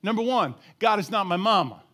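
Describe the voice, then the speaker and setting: A man preaching a sermon as a church pastor, asking the congregation questions and drawing them into call-and-response, dropping to a low, quiet voice on his key points. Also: animated, a little fast. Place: church sanctuary.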